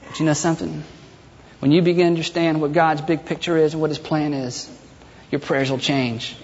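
A man's voice: a little high, little pitch movement, brisk, slight background noise. A man preaching a sermon as pastor, impassioned and rhetorical, acting out people's prayers. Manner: impassioned, rhetorical, acts out prayers in mocking voices. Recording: dull echoey hall.

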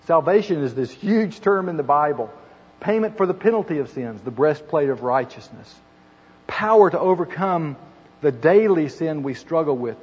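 An earnest middle-aged man delivers a sermon, his slightly husky voice sitting a little high for a man. He builds to emphatic, repeated lines. The recording is muffled and carries a long hall reverb. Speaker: preacher.

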